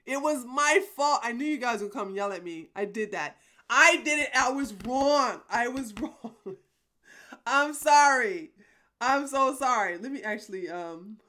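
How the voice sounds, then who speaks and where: A woman's voice: fairly high pitch, measured pace, sharp tone. A woman hosting a live stream, chatting casually with her viewers, rambling and apologetic, laughing often. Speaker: livestream host.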